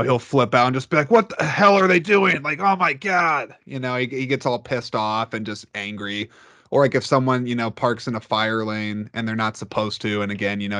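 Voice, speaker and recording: A man in casual podcast conversation, telling stories in an animated way. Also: smooth, dry recording, studio quality. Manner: animated storyteller who jumps up in pitch.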